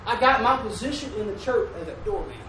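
Folksy preacher in an echoey church. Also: male voice, high voice, expressive, fast, sharp tone, a little hiss or hum. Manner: folksy call-and-response preaching with asides. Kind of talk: sermon. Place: church sanctuary. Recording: echoey room from a distant mic.

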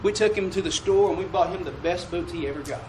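A high-pitched male pastor delivers a homey sermon, pausing often to draw "Amen" from the congregation. His voice echoes around a church sanctuary, heard from a little way off the mic. A faint room hum runs underneath. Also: far from the mic. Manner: preaching call-and-response, asking "Amen?"; drawls mock King James commandments slowly.

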